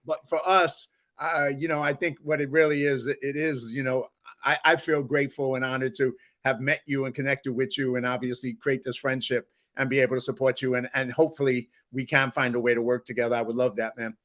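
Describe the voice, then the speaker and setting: A man's voice: medium pitch, flat delivery, a little fast, fairly bright tone. A man from New York hosting a podcast in casual conversation, telling anecdotes with frequent laughs. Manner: upbeat, laughs often, tells anecdotes. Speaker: podcast host.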